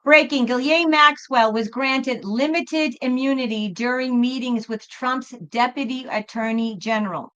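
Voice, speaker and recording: A woman talks casually to livestream viewers about her tarot readings, calling them folks and reassuring them. Her voice is high and bright. The lo-fi stream audio sounds a little dull. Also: unhurried, few pauses. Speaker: tarot reader and livestream host.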